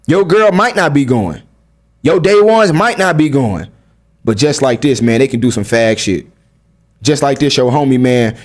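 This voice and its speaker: A man's voice: medium pitch, a little mellow. A young man giving blunt, slang-heavy life advice straight to his viewers, firing rhetorical questions at them. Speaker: vlogger. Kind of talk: casual advice monologue to camera.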